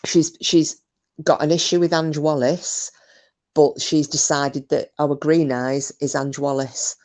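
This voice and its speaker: A woman's voice: low-pitched, little pitch movement, unhurried, darkish tone. A woman hosting a live stream, chatting casually, reading out comments and talking bluntly with plenty of swearing. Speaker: livestream host.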